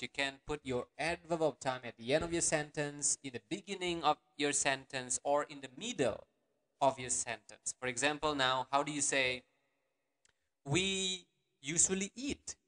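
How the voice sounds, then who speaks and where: A man teaching an online language lesson, patiently repeating words slowly and syllable by syllable. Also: fairly high pitch, bright, forceful tone.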